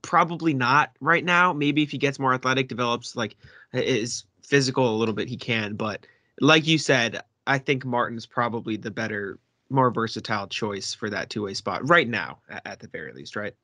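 A man co-hosting a basketball podcast, eagerly asking questions and stumbling over quick restarts. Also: mid-range voice, bright, forceful tone, no echo. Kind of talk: casual sports discussion.

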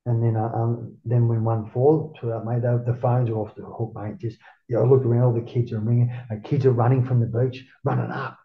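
A middle-aged Australian man with a gravelly, fry-heavy voice tells stories with a lot of animation and constant swearing, often jumping higher to act out what people said. The recording sounds roomy and muffled, as if the sound is bouncing around a room through a dull microphone. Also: flat delivery, brisk. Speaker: podcast guest. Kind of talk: casual storytelling interview.

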